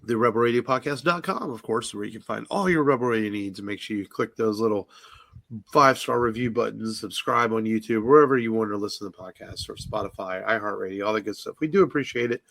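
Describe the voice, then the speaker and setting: Laid-back Texan man, slight gravel. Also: lowish voice, fast talker, fairly bright tone, no room sound. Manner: laid-back, rambling with fillers. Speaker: podcast host. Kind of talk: casual chat.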